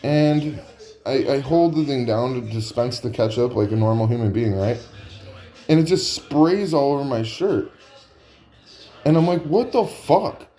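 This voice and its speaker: A man's voice: medium pitch, normal speed, dark tone. A man telling a comic story in a rambling, profane way, full of "like" fillers.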